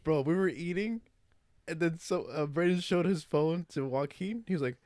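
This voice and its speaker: A young man co-hosting a casual podcast, laughing and recalling a story with many pauses and fillers. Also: fairly high pitch, a little mellow, no room sound, studio quality. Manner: laughing, hesitant fillers, profane. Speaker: podcast co-host. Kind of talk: casual chat among friends.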